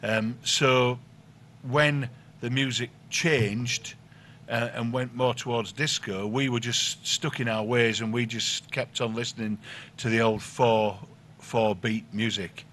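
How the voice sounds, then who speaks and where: A man's voice: medium pitch, steady tone, slow pace, a bit bright, slight background noise. A middle-aged man from the north of England, an easygoing guest explaining things at length in conversation. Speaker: guest, record collector. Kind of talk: conversational interview.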